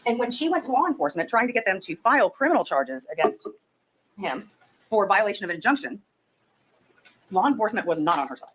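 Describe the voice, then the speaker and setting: A woman prosecutor giving a closing argument to a jury, building her case methodically and forcefully. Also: medium pitch, sing-song, fast, long pauses, breathy edge, rough recording.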